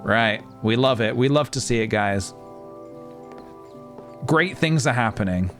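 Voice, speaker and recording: A young man talks his viewers through a game in a loose, chatty way. His voice sits in a middle register and keeps leaping into playful, excited squeals. Faint game music plays behind him. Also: medium pitch, measured pace. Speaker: streamer. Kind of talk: casual live-stream game commentary.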